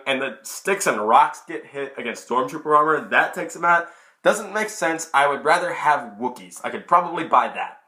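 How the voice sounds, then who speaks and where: A man's voice: fairly high pitch, moderate pace. A young man giving a casual, chatty film review into his camera. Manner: chatty, excitable, many restarts. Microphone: camera mic.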